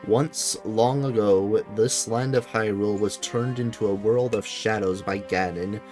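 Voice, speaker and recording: A solemn old king in a video game, read by a deep-voiced man, telling old legends in a low, unhurried voice. Soft music plays underneath. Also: steady tone, natural voice. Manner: grave, measured storytelling. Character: solemn ancient king speaking through a talking boat.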